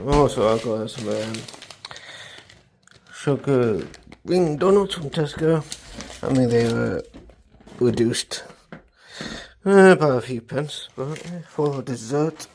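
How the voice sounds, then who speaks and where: A man's voice: mid-range voice, animated, a little mellow, a little hiss or hum. A tired man vlogging casually, rambling and correcting himself as he goes. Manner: rambling, halting, self-correcting. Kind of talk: casual vlog monologue.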